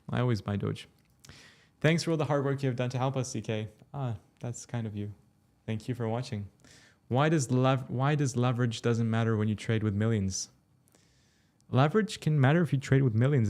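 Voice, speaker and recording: Young male crypto streamer from Turkey, mid-pitched voice, easygoing, reads out chat and explains things step by step. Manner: relaxed, chatty, explains step by step. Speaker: crypto livestream host. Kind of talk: casual livestream, reading and answering chat.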